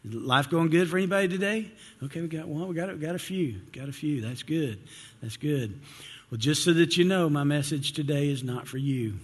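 A man's voice: a little high, moderate pace, hardly any pauses, slightly rough, in a large hall. A man pastor praying and then opening a sermon, earnest and emotional, often repeating himself and restarting. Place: church sanctuary.

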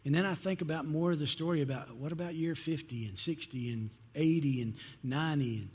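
A man's voice: a little high, fairly quick, few pauses, a little mellow, long reverb tail, a little hiss or hum. A man preaching a sermon in church, telling a story and acting out its characters. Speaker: pastor.

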